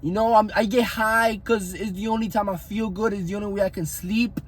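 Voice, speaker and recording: A man's voice: high voice, fairly even intonation, a little fast. A young man telling his own faith story in an earnest, rambling way, often repeating himself. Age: young adult. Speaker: fitness coach vlogger. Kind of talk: personal faith testimony.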